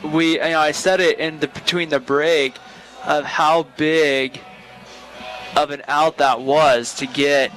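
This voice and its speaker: A man with a somewhat high voice provides color commentary for a live baseball broadcast, analysing plays in a loose, conversational way that often restarts mid-thought. Faint music sits low in the background. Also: steady tone, slow pace, a bit bright, poor audio. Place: stadium broadcast booth.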